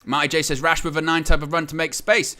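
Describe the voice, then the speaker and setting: A man hosting a live football watchalong, calling the play, surging loud at goals and then breaking it down calmly, reading viewers' chat aloud. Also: on the high side, fast talker. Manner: excitable, surges loud at goals, then calm analysis. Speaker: watchalong host. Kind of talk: live match watchalong commentary.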